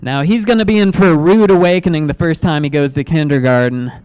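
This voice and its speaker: Man in his 30s, stand-up comic, halting, self-deprecating, smooth clear voice, handheld mic. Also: fairly high pitch, darkish tone, rough recording. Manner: awkward, self-deprecating, halting with ums and restarts. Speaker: stand-up comedian. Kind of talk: stand-up comedy set. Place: comedy club stage.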